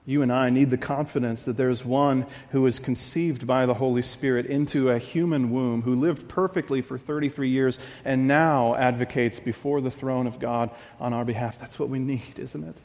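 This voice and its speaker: A man's voice: medium pitch, steady tone, moderate pace, few pauses, a little mellow, in a large hall. A man preaching a sermon as pastor, earnest and confessional, often repeating his phrases as he builds a point.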